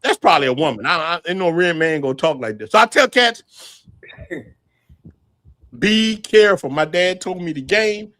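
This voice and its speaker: A man's voice: on the high side, expressive, moderate pace, pauses often, sharp tone, dry recording. A middle-aged man hosting a casual livestream chat, telling stories animatedly, laughing often and swearing freely. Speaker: channel host.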